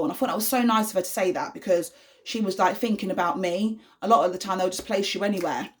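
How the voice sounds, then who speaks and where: A woman's voice: medium pitch, fast. A young woman, talking casually to camera as a vlogging mother, earnest and reassuring with lots of fillers. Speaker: vlogger, mother of an autistic son.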